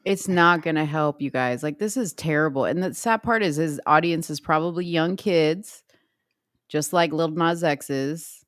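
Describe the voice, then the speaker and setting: A woman co-hosting a casual livestream chat show, reacting to videos with loud exclamations and low mutters. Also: a little slow, no echo, studio quality. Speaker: co-host.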